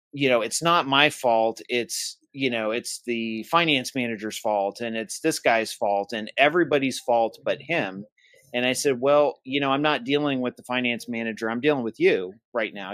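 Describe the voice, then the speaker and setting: A man's voice: mid-range voice, fairly bright tone, dry recording. A man co-hosting a podcast, casually retelling a tense phone call and quoting both sides in his own voice. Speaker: podcast co-host. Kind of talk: casual storytelling.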